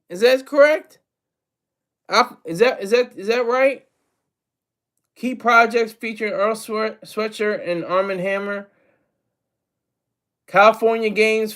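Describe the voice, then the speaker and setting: A man's voice: sits high, fairly bright tone. A man giving casual, rambling solo commentary on hip hop, self-deprecating and full of restarts.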